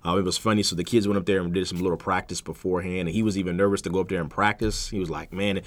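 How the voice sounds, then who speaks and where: A man in his thirties co-hosting a podcast, telling a family story in a relaxed, rambling casual chat. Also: deep voice, racing. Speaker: podcast co-host.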